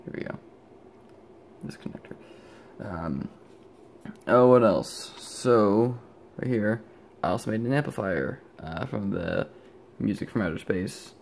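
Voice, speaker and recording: A young man, an electronics hobbyist vlogger, gives a rambling, casual show-and-tell of his build, filmed at home on a handheld camera. His voice is fairly low, animated and slow, with vocal fry and long pauses. He sounds sleepy, yawns, and keeps cutting himself off mid-thought, with slight background noise.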